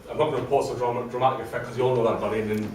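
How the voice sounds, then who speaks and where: A man's voice: mid-range voice, flat delivery, rapid-fire, darkish tone, slight background noise. A man telling his own story to a live audience, chatty and self-deprecating. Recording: very echoey room from a distant mic, faint ambience.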